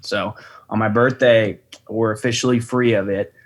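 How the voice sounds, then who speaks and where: A young man with a fairly low voice telling a travel story on a casual podcast. He is laid-back and chatty, scatters "you know" through his sentences, and swears freely. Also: steady tone, normal speed. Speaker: podcast guest. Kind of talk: casual chat.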